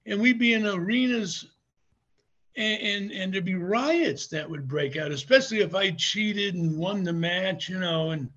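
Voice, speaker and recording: An older former wrestler tells his stories with a high, raspy voice, chuckling as he goes and stumbling over his restarts. He has a gravelly edge, and the recording sounds dull and lo-fi. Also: a bit bright. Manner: rambling, chuckling, many restarts. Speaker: interview guest, former pro wrestler. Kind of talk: casual anecdotal storytelling.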